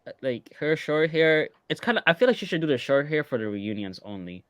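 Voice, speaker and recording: A man co-hosting a casual reality TV recap podcast, talking in a relaxed, hesitant way with many fillers. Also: on the high side, a little fast, no room sound. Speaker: podcast co-host.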